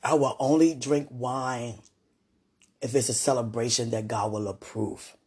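A woman's voice: very deep voice, a little slow, slightly rough. A woman talking casually to a loved one and to God, prayerful at times and given to fits of laughter. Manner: prayerful, swings from hushed musing to giggling excitement; laughs often, talks in fits and starts.

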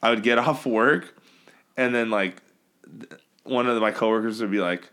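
A man co-hosting a movie podcast in casual chat, an animated storyteller who acts out quotes and swears freely. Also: on the low side, moderate pace, clear, resonant tone. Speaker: podcast co-host.

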